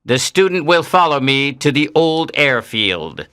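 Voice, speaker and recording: An actor playing a tired male alien who poses as a school teacher and calmly lays out a scheme, in a graded-reader audiobook drama. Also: fairly high pitch, a little slow, exaggerated voice.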